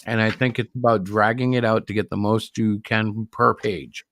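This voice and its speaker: A man's voice: fairly low pitch, fairly even intonation, moderate pace, fairly bright tone, no room sound, clean studio sound. A man co-hosting a livestream about comics, talking in a casual, rambling and opinionated way. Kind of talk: casual chat.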